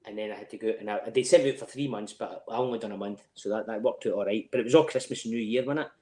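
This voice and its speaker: A man's voice: fairly low pitch, very fast, warm tone, echoey room. A middle-aged Scottish man telling stories in casual chat, swearing freely and laughing through them. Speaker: podcast guest.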